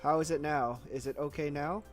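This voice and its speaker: Low-voiced woman with dry jokey asides. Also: steady tone, brisk. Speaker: co-streamer. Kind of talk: casual chat. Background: game music.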